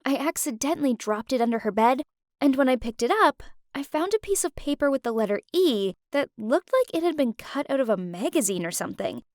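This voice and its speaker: A woman's voice: high-pitched, big pitch swings, fairly quick, darkish tone, dry recording, studio quality. A woman voicing a gossipy young model. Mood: accusing.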